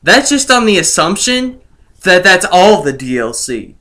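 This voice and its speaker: A man's voice: high voice, very animated, unhurried, sharp tone. A young man ranting sarcastically about a video game, gloating and laughing in disbelief as he talks to his viewers. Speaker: gaming vlogger.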